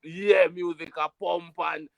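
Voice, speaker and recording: A man from Jamaica with a Jamaican accent, telling a story in an animated, emphatic patois style during a casual chat. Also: high voice, slow pace, vocal fry, a crowd in the background.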